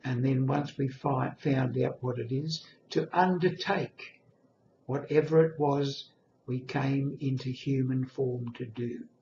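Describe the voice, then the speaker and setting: A man's voice: medium pitch, slow, darkish tone, slight background noise. An elderly man in his eighties telling a personal story in an earnest, reflective monologue. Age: 80s. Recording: echoey lo-fi room recording.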